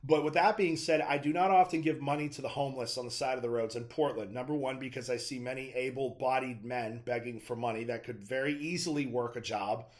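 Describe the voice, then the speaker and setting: A man's voice: medium pitch, a little fast, few pauses. A young adult man giving a preaching monologue as a Christian speaker, telling stories in an earnest, conversational way.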